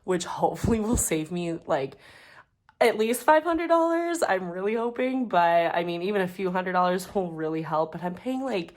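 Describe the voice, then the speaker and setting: A woman's voice: lowish voice, normal speed, hardly any pauses, darkish tone. A woman in her twenties chatting casually as a budgeting vlogger, rambling and muttering numbers as she counts bills at home. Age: 20s. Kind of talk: casual chat while counting cash. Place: home, dog nearby.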